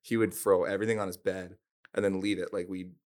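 A man's voice: sits low, flat delivery, quick pace, darkish tone. A young man, a hockey player, telling a roommate story in a laid-back, filler-heavy way. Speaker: pro hockey player, guest. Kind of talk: casual chat.

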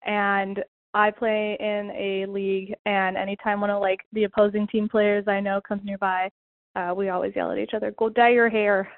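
A woman's voice: medium pitch, monotone, normal speed, dry recording. A young woman from Southern California leaving a chatty fan voice message, full of likes and ums. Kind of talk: recorded voice message. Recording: tinny phone-quality voice message.

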